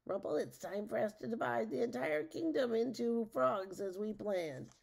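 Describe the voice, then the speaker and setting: A woman's voice: sing-song, normal speed, gravelly, full character voice. A woman doing a shrieking storybook witch. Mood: scheming. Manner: shrill, loud, gleeful. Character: scheming shrill female witch. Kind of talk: storybook read-aloud.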